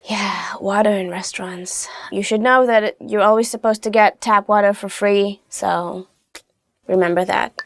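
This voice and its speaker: A young woman hosting a casual language lesson, chatty and upbeat, slowly modelling phrases. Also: medium pitch, level tone, a bit bright, no room sound, clean studio sound. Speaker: language teacher host.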